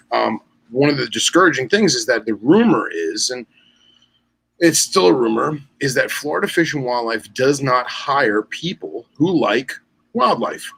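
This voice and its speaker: A man chatting loosely on a podcast with a bright, forward tone. He tells stories in an animated way and jumps into voices for the people he quotes. His speech stays loose, full of "like" and restarts, at an ordinary middle pitch. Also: creaky, rough recording. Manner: animated storyteller acting out quoted dialogue; loose, with many fillers and restarts. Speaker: podcast co-host. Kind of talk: casual chat.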